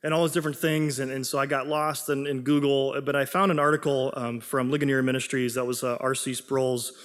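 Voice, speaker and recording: A man's voice: mid-range voice, little pitch movement, brisk. A young adult man preaching a sermon in a casual, self-deprecating way, often repeating words as he gets going. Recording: long hall reverb.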